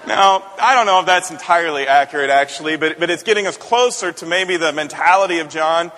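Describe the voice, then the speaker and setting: A man's voice: a little high, fairly quick, hardly any pauses, pushed and bright, in a large hall. A man, a senior pastor, preaching a conversational sermon and often repeating words as he builds a point.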